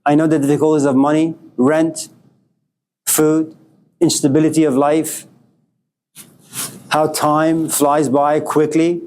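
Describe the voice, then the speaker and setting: A man's voice: a little high, flat delivery, slow pace, pauses often, darkish tone. A man in his sixties giving a conversational philosophy lecture, acting out quoted voices now and then. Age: 60s.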